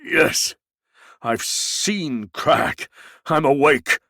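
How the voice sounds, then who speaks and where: A man's voice: a little high, big pitch swings, drawn-out words, creaky, pushed and bright, dry recording, clean studio sound, full character voice. A man reading aloud, voicing a grim, half-mad man who speaks in an awful, choked voice.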